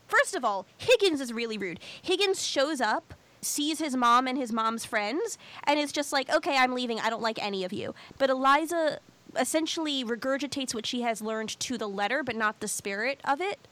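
Animated woman recapping a musical. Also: fairly high pitch. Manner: animated, acts out quotes. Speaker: podcast co-host. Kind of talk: casual chat recapping a musical.

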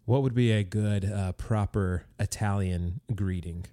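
A man's voice: lowish voice, unhurried, dark tone, no echo, studio quality. A man hosting a podcast interview in a friendly, easygoing way, from the United States. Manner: friendly, easygoing, with fillers and restarts. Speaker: podcast host.

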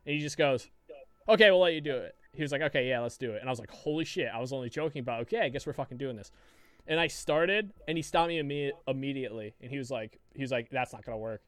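A man's voice: mid-range voice, fast, clean tone, dry recording. A man co-hosting a podcast, telling a long, rambling, profane story full of restarts in casual chat. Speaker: podcast co-host.

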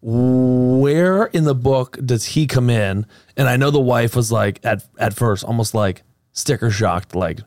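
A man hosting a podcast, asking questions in casual chat, throwing in quick jokes and short replies. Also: medium pitch, a little mellow, dry recording, clean studio sound. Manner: jokey, quick backchannel replies. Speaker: podcast host.

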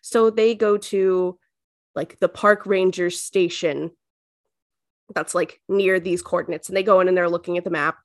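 A woman co-hosting a podcast, recapping an episode in casual chat full of fillers and quick bursts. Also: fairly low pitch, fairly even intonation, no echo, studio quality. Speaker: podcast co-host.

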